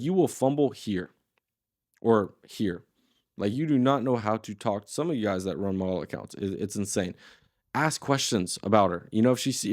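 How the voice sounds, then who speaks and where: A man's voice: medium pitch, a little mellow, dry recording, clean studio sound. A man in his twenties teaching a casual tutorial, talking in a loose, slangy and blunt way. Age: 20s. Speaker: course host.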